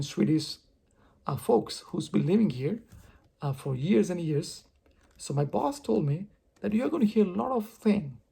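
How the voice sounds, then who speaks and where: A man telling a personal story on his vlog, expressive and poking fun at himself. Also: fairly high pitch, gravelly, breathy edge. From India. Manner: expressive, self-mocking storyteller. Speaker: vlogger.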